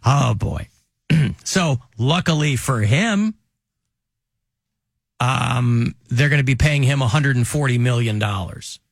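A man's voice: medium pitch, animated, slow, gravelly, long pauses, no echo. A man hosts a casual talk radio show in a dry, close studio sound. He jokes wryly, rambles through asides and keeps his voice in an ordinary middle register. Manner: wry, joking, rambling asides.

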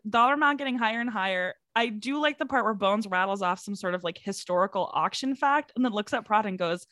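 A chatty woman co-hosts a podcast in a loose, casual recap, laughing often and slipping into quoted lines. Her voice sits at an ordinary middle pitch. The sound is dry and close. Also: expressive, a little fast, few pauses, fairly bright tone, no room sound. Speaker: podcast co-host.

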